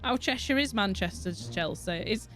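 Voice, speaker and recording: A laughing, foul-mouthed woman chats her way through a puzzle game, her voice sitting at an ordinary middle pitch. She rambles and giggles as she talks to her stream. Faint game music plays underneath. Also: lively intonation, moderate pace. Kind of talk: casual gameplay commentary with chat.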